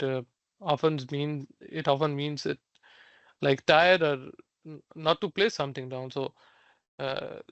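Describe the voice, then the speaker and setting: A man's voice: a little high, fairly bright tone, clear, resonant tone, dry recording, dull audio. A young man teaching a language class online, recapping the lesson with many fillers and restarts.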